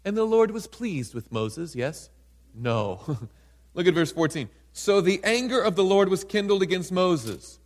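Animated man preaching in a reverberant hall. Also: on the high side, measured pace. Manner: animated, acts out scripture quotes, laughs often. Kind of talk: sermon.

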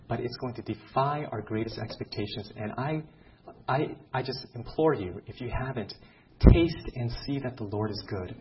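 A man of middle pitch tells a physician's faith story to a gathered audience, bringing the quotes to life as he goes. The recording has a dull, lo-fi sound. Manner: animated storytelling, acts out quotes, ends in prayer. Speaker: physician giving a testimony. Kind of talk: testimony talk to an audience. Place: room with an audience.

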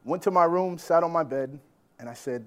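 A man preaching a sermon as a personal story, animated, swinging between loud bursts and hushed lines. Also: on the high side, normal speed. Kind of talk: sermon testimony.

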